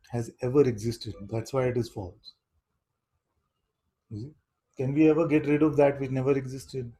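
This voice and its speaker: Male spiritual teacher with a mellow, husky voice. Unhurried and questioning, he keeps checking in with "you see?". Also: medium pitch, poor audio. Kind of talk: satsang talk to seekers.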